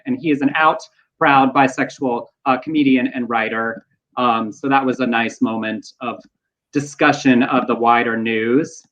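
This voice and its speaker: A man co-hosting a casual news talk show, animated, with playful asides and quotes. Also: on the high side, lo-fi sound. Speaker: podcast co-host.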